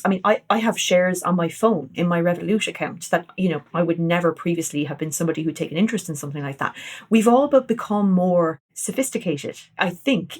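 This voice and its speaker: A woman hosting an interview, chatty and agreeable, talking in long running sentences. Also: fairly low pitch. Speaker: podcast host. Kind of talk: conversational interview.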